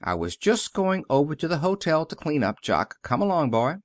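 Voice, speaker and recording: A man reading the part of a composed saleswoman in her thirties, speaking to her son in an even, firm way. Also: fairly high pitch, moderate pace, no room sound, studio quality, pitched above the performer's own voice. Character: composed 36-year-old saleswoman mother, firm.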